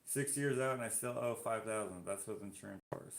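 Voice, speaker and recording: A Canadian man with a fairly low voice chats casually on a live stream, reading out viewer comments and reacting to them as he goes. His voice carries the echo of a roomy space. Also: a little fast.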